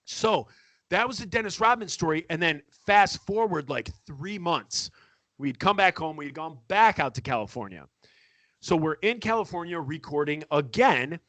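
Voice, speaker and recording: A man with a bright, higher voice spins a lively story in easygoing chat, jumping into quoted voices and laughing along the way. The sound is dry and close, with no room around it. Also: moderate pace, no echo. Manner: animated, acts out quotes with laughter. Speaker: podcast guest storyteller. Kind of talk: casual storytelling.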